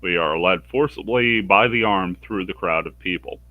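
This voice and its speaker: Speaking at normal speed, this man streams a game and voices its dialogue with dry sarcasm, his pitch leaping up whenever he plays a character. There's no echo, and the sound is thin and tinny.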